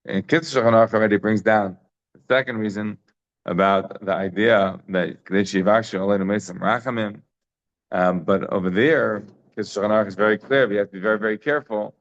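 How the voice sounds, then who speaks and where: Delivering a daily Talmud lesson, a man speaks emphatically and a little fast, full of rhetorical questions and mixing in Hebrew and Yiddish terms. His voice is lowish, and the audio sounds dull.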